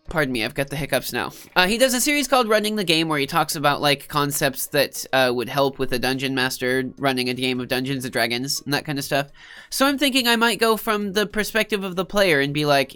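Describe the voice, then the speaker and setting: A woman's voice: low voice, expressive, normal speed, fairly bright tone, clear, resonant tone, soft background music. A woman streamer with a stuffed-up nose, chatting casually and rambling with her live viewers, often cutting herself off and joking. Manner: rambling, self-interrupting, joking.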